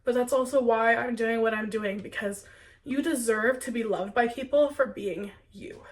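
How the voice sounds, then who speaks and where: A woman's voice: a little high, moderate pace, distant mic. A young adult woman who is sick with a cold, talking earnestly and chattily to viewers in a spiritual Q&A vlog. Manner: earnest, heartfelt, chatty with many "like"s. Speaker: spiritual content creator.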